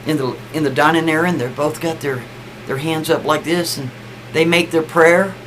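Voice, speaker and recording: Guy rambling thru a story, keeps saying i mean and right, voice a bit high. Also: fairly even intonation, moderate pace, noisy background. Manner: rambling, repeats "I mean" and "right?", stumbles over words. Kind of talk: casual spoken storytelling.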